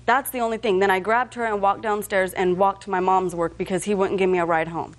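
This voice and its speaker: A woman's voice: medium pitch, fairly even intonation, a little fast. A woman defendant testifying in a television courtroom, answering defensively and hesitantly.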